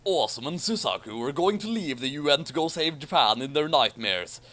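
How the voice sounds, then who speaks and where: A man's voice: fairly high pitch, lively intonation, brisk, fairly bright tone. A man doing a comedic reading of a fan story with commentary, theatrical and hammy, laughing often. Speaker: fanfiction reader and commentator.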